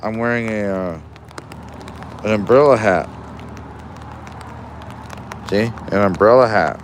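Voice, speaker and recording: A man's voice: on the low side, takes it slowly, slight background noise. A young man in Alaska chatting casually on a fishing livestream, rambling and easygoing with many restarts, recorded outdoors in the rain on a phone.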